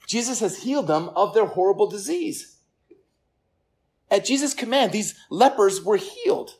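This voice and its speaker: A pastor addresses a gathered congregation in a church service room with listeners, his medium-pitched delivery animated and at a normal speed. He speaks earnestly, repeating words often and dropping into silence for emphasis.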